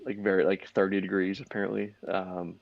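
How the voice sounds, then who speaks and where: A young podcast co-host rambles through casual sports talk, leaning hard on "like" and restarting his sentences often. His deep voice has vocal fry, moves little in pitch and runs fairly quick. The audio is narrow and tinny, with no echo.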